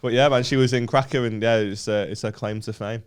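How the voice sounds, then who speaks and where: A man's voice: medium pitch, steady tone, brisk, clean tone. A man with a Northern English accent co-hosting a podcast, making dry jokes and rambling asides. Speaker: podcast co-host. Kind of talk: casual chat.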